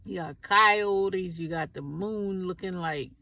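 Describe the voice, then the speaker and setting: Slow, gravelly woman reading tarot cards. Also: fairly low pitch, bright, forceful tone, no echo, distant mic. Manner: chatty, laughs often, prays aloud. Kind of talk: casual spiritual tarot reading.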